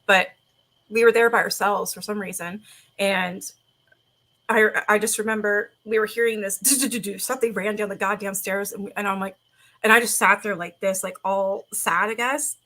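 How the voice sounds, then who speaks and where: A young woman chats to her live audience, telling a story at her own loose pace. Her voice is bright and a bit sharp. She wanders, restarts sentences and fills gaps with "um" and "like". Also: mid-range voice, steady tone, moderate pace. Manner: rambling, with many fillers and restarts. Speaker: livestream host. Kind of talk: casual storytelling to a live chat.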